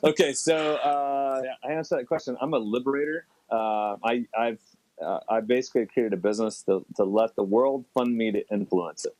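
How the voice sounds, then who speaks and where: A middle-aged man as a podcast guest, talking in an animated, quick way that jumps up in pitch when he gets excited. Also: no room sound, poor audio. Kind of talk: casual interview chat.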